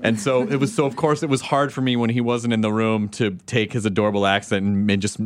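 A man's voice: fairly low pitch, flat delivery, fast talker, no room sound, studio quality. A man co-hosting a comedy podcast, chatting casually and joking around. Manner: jokey, slips into silly put-on voices. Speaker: podcast co-host.

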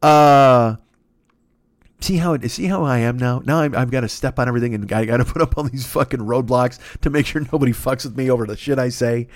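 A man's voice: mid-range voice, fast talker, few pauses, no room sound. A man hosting a solo podcast, ranting in a rambling, profane, comedic monologue. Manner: profane, rambling, excitable rant. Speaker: podcast host.

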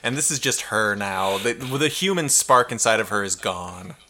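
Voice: mid-range voice, expressive, normal speed, bright, forceful tone. A podcaster in casual chat, rambling and joking with frequent restarts.

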